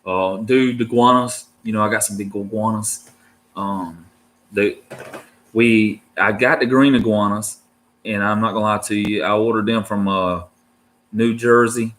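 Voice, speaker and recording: A man's voice: on the low side, steady tone, unhurried, a bit bright, slight background noise. Laid-back man rambling about reptiles. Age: adult, married. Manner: laid-back, slangy, full of "dude" and "man", restarts. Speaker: reptile keeper vlogger. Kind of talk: casual rambling chat to viewers.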